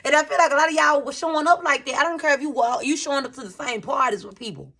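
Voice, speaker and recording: Speaking fast in a high, fairly bright voice, a tarot reader gives her viewers a casual, rambling reading. She addresses them as y'all and talks frankly, full of slang and swear words.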